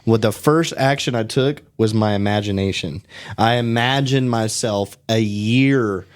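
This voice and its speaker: A man's voice: lowish voice, measured pace. A man in his twenties hosting a casual podcast, telling stories with lots of swearing and "bro" and "dude". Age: 20s. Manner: animated storytelling, heavy swearing, frequent "bro" and "dude". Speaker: podcast host.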